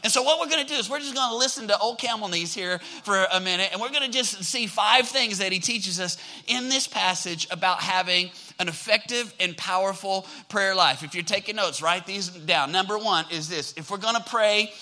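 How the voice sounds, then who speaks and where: A man's voice: high voice, brisk, hardly any pauses, pushed and bright, rough recording. A male pastor preaching a sermon with energy, drawing the congregation in with call-and-response prompts.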